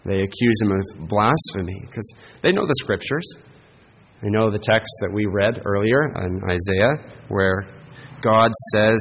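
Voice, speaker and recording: A man's voice: fairly low pitch, measured pace, fairly bright tone, in a large hall, low-quality recording. A man preaching a sermon as pastor, earnest and emphatic, often checking in with the congregation with a rhetorical "right?".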